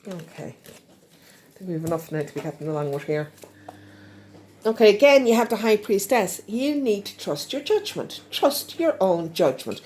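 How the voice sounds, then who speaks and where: A woman's voice: medium pitch, sing-song, normal speed, darkish tone, a little hiss or hum. Irish woman giving a coaxing tarot reading. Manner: repetitive, coaxing, frequent "okay?". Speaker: tarot reader.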